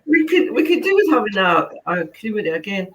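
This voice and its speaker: A woman's voice: mid-range voice, very animated, fairly quick. A woman hosting an online whisky dinner in a chatty way, with laughs and half-finished sentences. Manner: chatty, laughs often, trails off mid-sentence. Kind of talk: casual tasting demonstration. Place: home, on a video call. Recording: echoey room, distant mic, faint noise.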